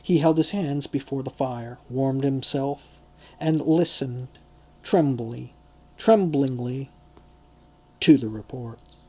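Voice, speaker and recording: Man reading novel aloud, very slow pace, measured, mid-pitched. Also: darkish tone, husky. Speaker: audiobook narrator. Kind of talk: measured literary narration.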